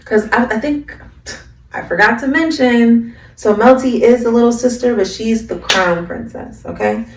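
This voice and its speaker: A woman's voice: fairly high pitch, moderate pace, distant mic, slight background noise. A woman vlogger in a slangy, chatty casual recap of an anime, recorded in an echoey room. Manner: slangy, chatty, lots of fillers.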